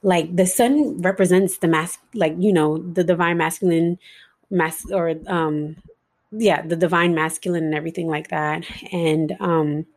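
A woman's voice: fairly low pitch, steady tone, unhurried. A young woman hosting a podcast, talking in a rambling, casual way full of "like" and "um" fillers, with some swearing. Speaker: podcast host. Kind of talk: casual spiritual podcast monologue.

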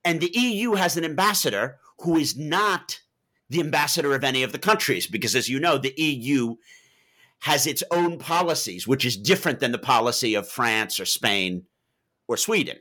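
A man who wrote a book on Libya answers interview questions, using animated storytelling and vivid asides to explain his points. He speaks in a mid-range voice at a moderate pace.

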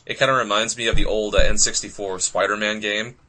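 A man's voice: lowish voice, fairly even intonation, a little fast, pushed and bright. A laid-back young man chatting about video games on a podcast, laughing often. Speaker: podcast co-host. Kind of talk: casual gaming chat.

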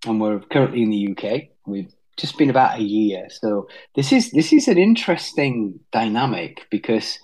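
British man in his fifties, pastor guest, lowish voice, halting delivery with restarts. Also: very animated, darkish tone, poor audio. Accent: British English. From England. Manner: hesitant, with many restarts. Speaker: staff pastor. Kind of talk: conversational interview.

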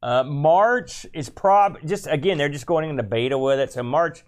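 A man's voice: on the high side, normal speed. A man co-hosting a podcast in casual chat, rambling with dry, self-mocking sarcasm. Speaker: podcast co-host.

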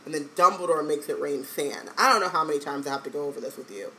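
A woman's voice: low-pitched, quick pace, sharp tone, poor audio. A woman co-hosting a podcast, joking in playful casual banter. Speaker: podcast co-host. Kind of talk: casual chat.

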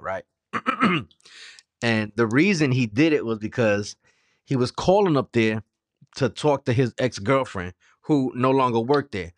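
In this casual solo podcast rant, the host's voice is fairly low, expressive and brisk, with a dry recording. His mouth is sore, and he's irritated and profane, shifting between muttering and shouting.

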